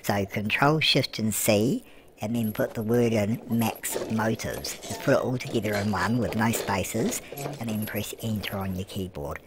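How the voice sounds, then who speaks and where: A man's voice: fairly low pitch, unhurried, noisy background, natural voice. A man voicing a chatty elderly grandmother who comments on a life-sim game, cooing "love" at everyone and answering her own questions. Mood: gossipy. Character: chatty elderly British grandmother, fussing and cheeky. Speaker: gameplay commentator. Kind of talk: comic let's-play commentary in character. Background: background music.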